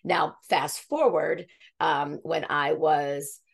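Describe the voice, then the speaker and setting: A woman's voice: deep voice, fairly even intonation, slow, vocal fry, husky. A woman in her fifties, a podcast guest telling her story in an earnest, rambling way, often restarting her sentences. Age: 50s. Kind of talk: conversational interview storytelling.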